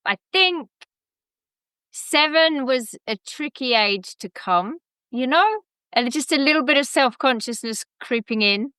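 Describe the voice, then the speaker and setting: A middle-aged London woman chatting as a podcast guest, reflective and warm-paced, often restarting her sentences. Her voice is bright and crisp and sits a little high. It is recorded close and dry. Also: expressive, unhurried, dry recording. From England. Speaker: guest, education center founder. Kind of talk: casual podcast interview.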